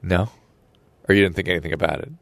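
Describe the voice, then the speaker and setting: A man's voice: low-pitched, steady tone, fast talker, dry recording, studio quality. A man co-hosting a podcast, needling his co-host in casual chat.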